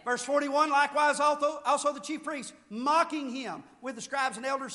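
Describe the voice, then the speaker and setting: High-voiced fervent preacher in a big echoing hall. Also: male voice, steady tone, normal speed, hardly any pauses. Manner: fervent preaching, swelling to loud shouted peaks then dropping low. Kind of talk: sermon. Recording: long reverb of a large hall.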